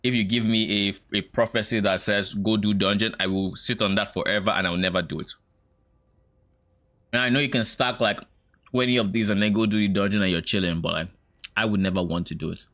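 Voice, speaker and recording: A man's voice: on the low side, steady tone, a little fast, a bit bright. A young man streaming, giving casual, opinionated reaction commentary with hesitant restarts.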